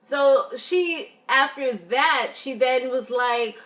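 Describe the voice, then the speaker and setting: A woman's voice: sits high, slow pace. Woman doing a tv recap vlog, blunt and chatty, lots of likes and ums. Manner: animated, blunt, chatty with many fillers. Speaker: reality TV recap vlogger. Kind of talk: casual review chat.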